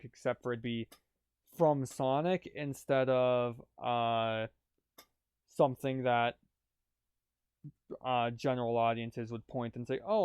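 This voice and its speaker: A man's voice: medium pitch, a little mellow, smooth, no echo. A tired man doing casual game commentary, rambling with lots of fillers. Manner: rambling, filler-heavy, talkative. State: tired, yawning. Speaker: let's-play commentator. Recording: faint game music behind.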